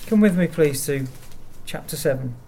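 A man giving a sermon, speaking in a measured way and reading verses aloud. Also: a little high, animated, dark tone, slight background noise. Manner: slow, measured delivery with verses read aloud. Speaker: preacher.

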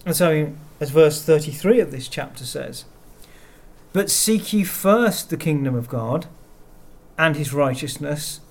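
A man giving a sermon, speaking in a measured way and reading verses aloud. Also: fairly high pitch, animated. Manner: slow, measured delivery with verses read aloud. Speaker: preacher.

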